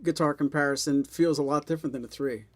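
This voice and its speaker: A man's voice: on the high side, fast talker. A man playing guitars on a live stream, chatting casually with dry, joking asides. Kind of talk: casual chat.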